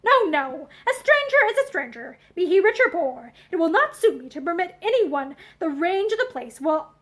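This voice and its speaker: A woman's voice: extremely high pitch, big pitch swings, moderate pace, a bit bright, exaggerated voice. A woman voicing a stern, surly middle-aged man who speaks curtly. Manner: stern, curt.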